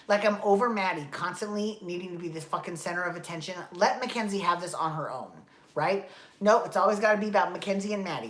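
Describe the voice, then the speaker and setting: Woman host, casual exasperated recap rant, a bit hoarse from dry throat, lower register, echoey room. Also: lively intonation, brisk. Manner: exasperated, profane, rambling. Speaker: podcast host.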